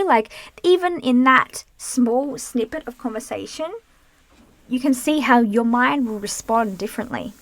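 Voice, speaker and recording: An animated young woman with a fairly high voice talks through self-help ideas in a loose, casual way. She swears now and then and acts out inner voices. The sound is close and dry, recorded in a small closet among clothes. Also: no echo. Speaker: healing coach.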